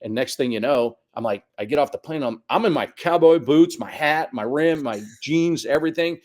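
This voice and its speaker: A man's voice: fairly high pitch, normal speed, a little mellow. A man in his fifties telling a long personal story as a guest on a podcast, acting out the voices of the people he quotes. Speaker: guest soccer coach. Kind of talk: casual storytelling interview.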